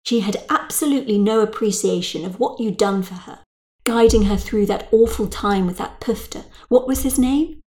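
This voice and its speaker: A woman's voice: medium pitch, moderate pace, darkish tone, natural voice. A woman voicing a self-pitying, snobbish middle-aged mother who grumbles in a plaintive voice. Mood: complaining.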